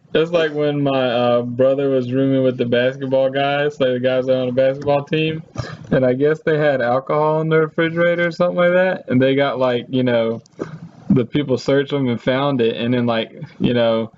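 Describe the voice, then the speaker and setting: A man's voice: medium pitch, darkish tone, lo-fi sound. A man chatting casually, rambling through a story with lots of "you know" fillers. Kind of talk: casual chat.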